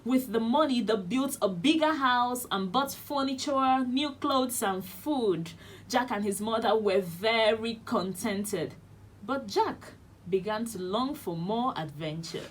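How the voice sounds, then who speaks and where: A woman's voice: fairly high pitch, expressive, slow, a little hiss or hum. A woman with a Nigerian accent, a children's radio host reading a storybook aloud expressively. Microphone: studio radio mic.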